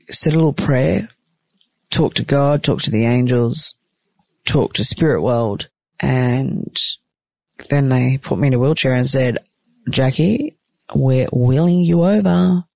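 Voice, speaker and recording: Gravelly, animated woman telling a story. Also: extremely low pitch, measured pace, no echo. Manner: animated, acts out the other people's lines; swears casually. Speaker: guest telling a personal story. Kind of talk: casual storytelling.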